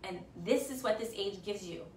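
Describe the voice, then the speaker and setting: A woman's voice: mid-range voice, normal speed, darkish tone, roomy sound, recorded from a distance, a little hiss or hum. Tearful, passionate woman in her forties. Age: 40s. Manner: passionate, emphatic, repeats words. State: tearful, choked up. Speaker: fitness instructor. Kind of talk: emotional motivational pep talk on a livestream.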